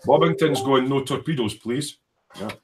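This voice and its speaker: A man at medium pitch and normal speed hosts a casual workshop livestream over a noisy background. He rambles and jokes as he reads viewer comments aloud, laughing easily.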